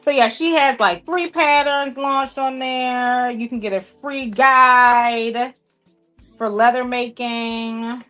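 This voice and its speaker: A woman's voice: on the high side, fairly even intonation, slow, pushed and bright, faint music behind. A woman hosting a sewing livestream, chatting playfully with viewers and people off camera, with speech. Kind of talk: casual livestream chat while sewing.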